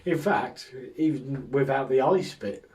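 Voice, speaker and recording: A man's voice: mid-range voice, measured pace, a little mellow, distant mic. A man hosting a casual solo podcast, rambling through jokes with a self-mocking humour and frequent chuckles. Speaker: podcast host.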